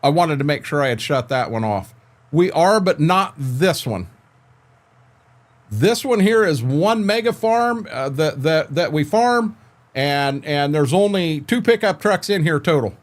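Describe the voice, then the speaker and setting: Rambling and repeating himself, an older man keeps up casual livestream chat with viewers as he plays a farming game at home on a desk mic. He speaks at a measured pace in an animated voice on the high side.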